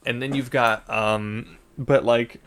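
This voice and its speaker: A man's voice: mid-range voice, fairly even intonation, slow, a bit bright, clean tone. A man giving a casual spoken movie review, rambling with many fillers and restarts and swearing freely.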